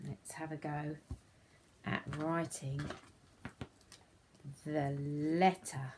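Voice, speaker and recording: A woman's voice: deep voice, level tone, extremely slow, pauses often, darkish tone, slight background noise. A woman teaching a phonics lesson to young children, speaking in a sing-song, encouraging way that often drops to a whisper.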